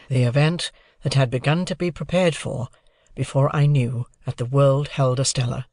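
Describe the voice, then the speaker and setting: Audiobook narrator, measured, formal, middle pitch, dry close recording. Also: vocal fry, darkish tone, dry recording.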